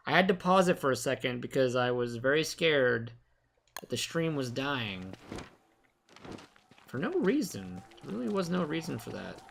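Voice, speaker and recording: A young man commenting live on his own gameplay, excitable, rambling and poking fun at himself. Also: on the high side, creaky, a little hiss or hum. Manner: excitable, rambling, self-mocking. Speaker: game streamer.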